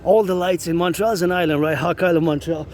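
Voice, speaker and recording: A vlogger talks fast while walking, rambling and circling back over the same phrases in chanted cadences as he thinks aloud. His voice is a little high for a man, and loud city street noise and passing traffic fill his phone mic.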